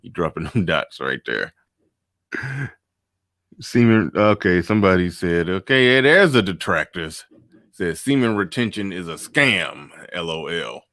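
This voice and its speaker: A man's voice: low voice, sing-song, measured pace, a bit bright, dry recording. Laid-back man hosting, dry close sound. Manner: laid-back, reads viewer comments aloud. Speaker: podcast host. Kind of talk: casual chat.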